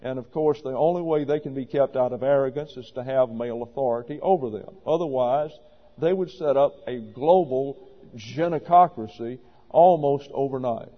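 A man's voice: mid-range voice, moderate pace. A man preaching a sermon to a congregation, emphatic and wry, with sarcastic asides. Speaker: pastor. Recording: dull audio with long reverb.

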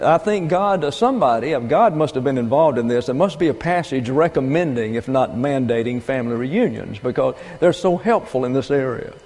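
An older man preaching a sermon, teaching deliberately and with emphasis, pausing for asides. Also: medium pitch, mellow. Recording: long reverb of a large hall.

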